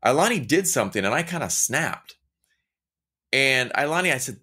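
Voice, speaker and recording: Lively, bright-voiced man giving a casual talk. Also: mid-range voice, normal speed, breathy edge. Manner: animated storytelling, acting out quoted voices; conversational, addresses listener directly.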